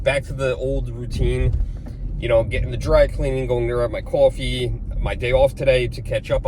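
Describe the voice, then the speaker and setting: A man's voice: medium pitch, background noise. A man talking casually to camera in a rambling, chatty way, often chuckling between stories. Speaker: vlogger.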